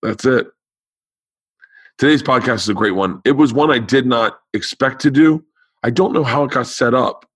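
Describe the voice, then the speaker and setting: A man's voice: mid-range voice, normal speed, husky, dry recording. A man hosting his podcast in casual chat, his voice tired and lacking power, rambling with stuttering restarts. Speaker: podcast host.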